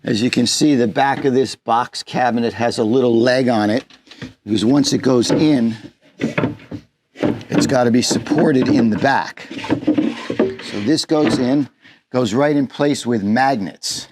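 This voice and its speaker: A man's voice: medium pitch, takes it slowly, long pauses, background noise. A man giving a plainspoken, folksy walkthrough of a van build, demonstrating parts as he talks. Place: inside a van.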